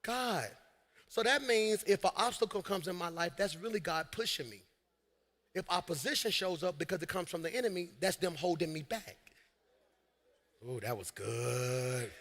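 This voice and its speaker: A man preaching in a large church hall, with a high, bright, cutting voice. He works the crowd and builds to shouted peaks. A long reverb trails every line. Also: moderate pace. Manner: energetic preaching with shouted peaks and call-and-response asides. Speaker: senior pastor. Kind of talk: live sermon.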